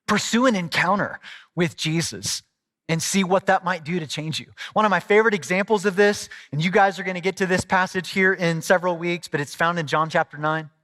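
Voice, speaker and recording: Speaking quite quickly in a high, slightly bright voice, this middle-aged man from Southwest Missouri is a pastor delivering a sermon. He preaches conversationally, telling stories and adding asides, and a long hall reverb fills the recording.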